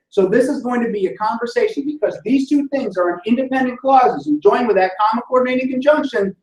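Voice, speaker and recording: Man lecturing in a roomy classroom. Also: sits high. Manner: explanatory, checks in with "right?" often. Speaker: instructor. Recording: roomy sound from a distant mic.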